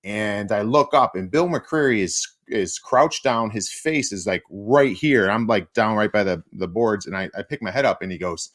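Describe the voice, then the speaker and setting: A middle-aged man, a former hockey player and guest, telling stories in casual chat and acting out quotes with big jumps in pitch. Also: lively intonation, moderate pace.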